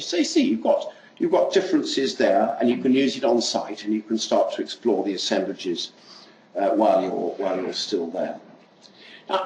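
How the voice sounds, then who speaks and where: An older man giving an academic lecture, reading a prepared text in a measured way with occasional asides. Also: mid-range voice, darkish tone. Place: lecture hall. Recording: echoey lecture hall, faint noise.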